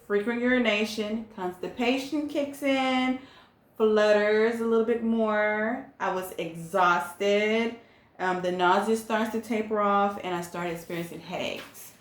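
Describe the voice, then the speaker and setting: A young adult woman chatting casually to camera, relaxed, with many ums and likes. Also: mid-range voice, echoey room. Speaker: pregnancy vlogger.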